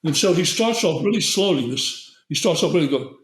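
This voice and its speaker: This guest herbalist, an older man, spins a long conversational story packed with fillers and restarts, speaking at normal speed in a fairly high, expressive voice. The room gives the recording a noticeable echo.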